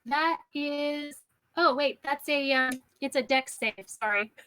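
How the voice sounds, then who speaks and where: A woman's voice: high-pitched, slow, bright, forceful tone. A woman playing a tabletop game who chats along and often sounds unsure, checking the rules as she goes. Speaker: player.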